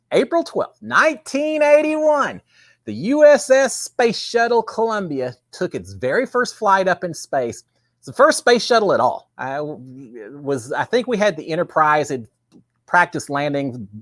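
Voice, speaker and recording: A man's voice: on the high side, no room sound, clean studio sound. A man hosts a casual, chatty livestream. He talks with enthusiasm and plenty of fillers. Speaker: host.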